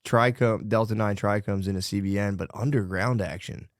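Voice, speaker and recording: A man co-hosting a podcast, asking blunt questions and cracking deadpan, crude jokes in casual chat. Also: fairly low pitch, moderate pace, no echo, clean studio sound. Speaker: podcast co-host.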